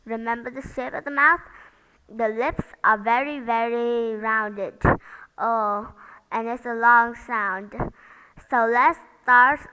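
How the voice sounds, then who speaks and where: A woman's voice: a little high, steady tone, slow pace, pushed and bright, smooth, big-room sound, poor audio. A woman teaching English pronunciation, modeling each sound carefully and asking learners to repeat after her. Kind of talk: slow, careful pronunciation lesson.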